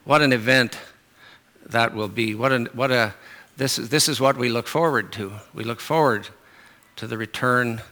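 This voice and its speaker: A middle-aged man delivers a sermon in a loose, conversational way, often pausing on fillers and restarting his sentences. His voice is bright, and his pitch sits in an ordinary middle range. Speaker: preacher.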